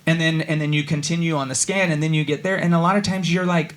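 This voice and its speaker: A man's voice: on the high side, fairly even intonation, fast, a bit bright. A man giving a casual, conversational sermon as a guest speaker in a church, talking loosely with many fillers and restarts and voicing his inner thoughts. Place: church sanctuary.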